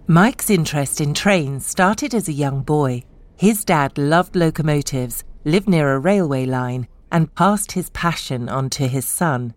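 A woman narrating a feature in a measured, polished, scripted way. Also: deep voice, no room sound.

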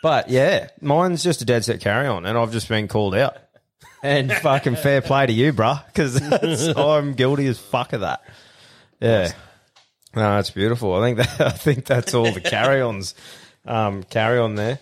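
Sweary Australian podcast bloke. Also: male voice, mid-range voice, measured pace. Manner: laddish, sweary, laughing storyteller. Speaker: podcast host. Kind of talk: casual chat.

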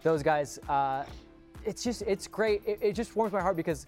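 A man's voice: high-pitched, expressive, normal speed, a little mellow, faint music behind. A man co-hosting a soccer talk show, chatting enthusiastically and speaking straight to viewers. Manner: enthusiastic, talks to viewers directly. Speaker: co-host. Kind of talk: casual sports chat.

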